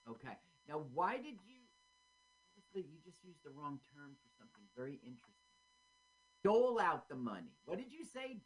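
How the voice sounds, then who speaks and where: A co-host in a casual chat, asking quick wry questions and playing with words while watching a movie. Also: medium pitch, big pitch swings, a bit bright.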